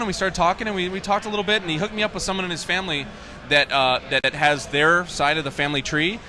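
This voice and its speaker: A man, a game developer, talks about his game and tells stories in a casual interview. He sounds enthusiastic and animated throughout. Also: high-pitched, fast talker, noisy background.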